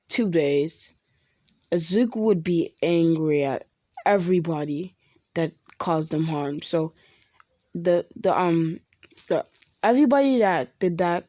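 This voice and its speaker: A woman's voice: fairly low pitch, a little mellow, no echo. A woman improvising fan fiction narration in a rambling way, full of restarts and fillers. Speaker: storyteller.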